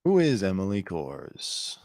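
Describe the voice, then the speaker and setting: A man's voice: low voice, takes it slowly, dry recording, clean studio sound. A man hosting a commentary show, sarcastically mocking a news clip and laughing. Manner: sarcastic, laughing, animated mockery. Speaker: show host.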